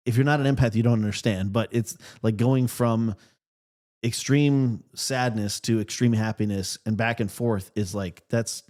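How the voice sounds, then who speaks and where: A man's voice: mid-range voice, fairly even intonation, unhurried, a little mellow. A middle-aged man co-hosting a podcast in a loose, chatty way. He rambles, restarts his sentences and leans on fillers as he works through his thoughts. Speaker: podcast co-host. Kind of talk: casual chat. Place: podcast studio.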